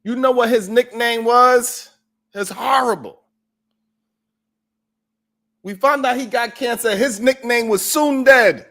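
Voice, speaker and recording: A man's voice: very high voice, takes it slowly, pauses often, fairly bright tone. A man hosting a live-stream show, chatting casually with viewers in a loose, profane, joking way and laughing often.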